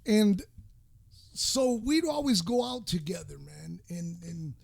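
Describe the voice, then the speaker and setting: A man's voice: high voice, very animated, slow, creaky, darkish tone. A man co-hosting a podcast, telling a rambling, profane road story full of fillers and restarts. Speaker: podcast co-host. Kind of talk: casual storytelling chat.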